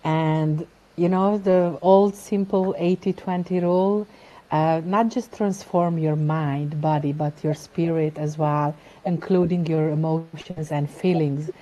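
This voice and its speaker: A woman coach answering a talk show question in a hesitant, measured way. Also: sits low, steady tone, warm tone, dull audio.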